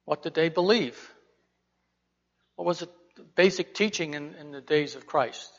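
A man's voice: a little high, measured pace. A man teaching a Bible lesson in a conversational way, putting rhetorical questions to his listeners. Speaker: preacher. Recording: dull reverberant hall recording.

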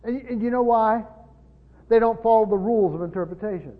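High-voiced pastor teaching in reverberant church. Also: male voice, a little fast. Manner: emphatic, asks rhetorical questions. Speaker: pastor teaching Bible study. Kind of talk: teaching sermon. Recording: dull lo-fi recording with long hall reverb.

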